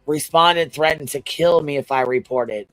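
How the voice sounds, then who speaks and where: A man's voice: fairly high pitch, normal speed, fairly bright tone, no echo, faint music behind, rough recording. A man on a livestream panel reading a legal filing aloud, breaking off into blunt, profane, incredulous asides.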